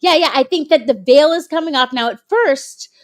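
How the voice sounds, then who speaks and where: Woman, fairly high voice, casual chat, rambling, apologetic, playful. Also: normal speed, dry recording. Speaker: guest.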